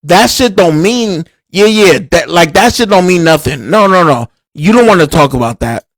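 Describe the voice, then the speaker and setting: A man ranting heatedly on a livestream, swearing a lot, repeating himself and filling pauses with "uh" and "like". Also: high-pitched, animated, no echo, rough recording. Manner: angry, profane, repeats himself, many fillers. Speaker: livestream host.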